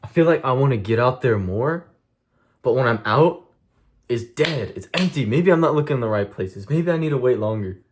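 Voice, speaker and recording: A man's voice: mid-range voice, expressive, moderate pace, slight background noise. A young man streaming a blunt, profane monologue to his chat, venting intensely about discipline and cutting things out. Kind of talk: casual vlog monologue to chat.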